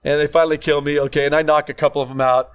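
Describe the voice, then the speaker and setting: An older man, a grandfather, telling rambling family stories in casual chat and acting out quotes loudly. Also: a little high, flat delivery, very fast, clean tone. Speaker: podcast co-host.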